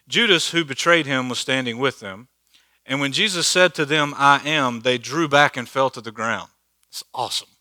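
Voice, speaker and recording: A man's voice: medium pitch, pushed and bright, dry recording. A man teaching a church Bible study in a conversational, joking way, laughing at his own asides. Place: church hall.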